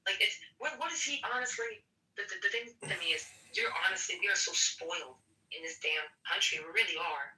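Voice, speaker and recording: A man's voice: high voice, fairly quick, echoey room, far from the mic, rough recording. A man on a podcast panel arguing politics bluntly and heatedly, swearing often. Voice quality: blunt, profane, excitable. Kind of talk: heated casual debate.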